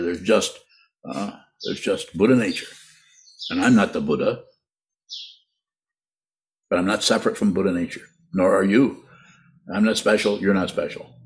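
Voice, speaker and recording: A low-voiced man teaching meditation in an unhurried, halting way. He often restarts and repeats words, and breaks into laughs as he answers listener questions.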